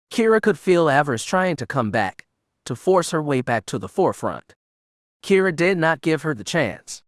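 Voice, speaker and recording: A man's voice: mid-range voice, expressive, moderate pace, no room sound. Man narrating an audiobook, dry close voice.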